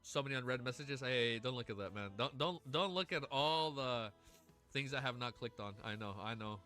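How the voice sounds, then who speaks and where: A man streaming casually, chatting excitedly with his audience, swearing and gushing, at times near tears. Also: mid-range voice, moderate pace, soft background music. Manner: excitable, swears often, gushes and laughs. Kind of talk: casual livestream chat.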